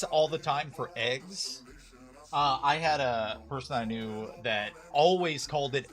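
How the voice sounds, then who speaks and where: Talkative guy hosting a card break stream, rambles and argues his point, mid pitch, faint music under him. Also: moderate pace, fairly bright tone. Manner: chatty, opinionated, rambling with restarts. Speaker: live card break host. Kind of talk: casual livestream chat.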